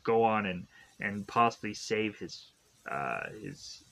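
A man's voice: fairly low pitch, expressive, slow, gravelly, a bit bright. A man giving a casual spoken film review, tired and yawning, rambling in a loose and repetitive way. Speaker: movie reviewer.

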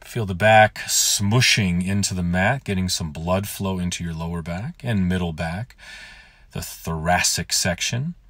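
A man leading a gentle morning yoga class outdoors, giving calm, soothing instructions. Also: low voice, a little slow, husky, no room sound.

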